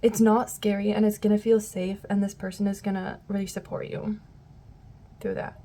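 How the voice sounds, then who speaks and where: A woman's voice: mid-range voice, flat delivery, moderate pace, dark tone. A woman giving a casual tarot reading to her viewers, rambling and often losing her train of thought. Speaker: tarot reader.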